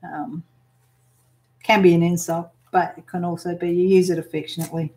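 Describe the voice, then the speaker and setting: An Australian woman chats casually on a live stream while working on a craft, her voice fairly low, level and mellow at a moderate pace. She laughs often as she explains slang to her viewers.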